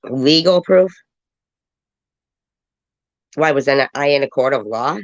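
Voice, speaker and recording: A woman's voice: extremely low pitch, fairly quick, dry recording, highs cut off. A woman with a stuffy, congested voice giving sarcastic, mocking live reaction commentary. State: congested from a cold.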